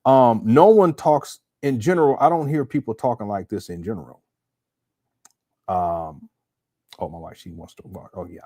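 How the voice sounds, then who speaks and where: A man's voice: medium pitch, normal speed, pauses often, mellow. Man host, casual live stream commentary, mid-range voice, loose and unscripted, frequent restarts. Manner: talks off the cuff, stammers and repeats words; reads viewer comments aloud and reacts. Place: home setup.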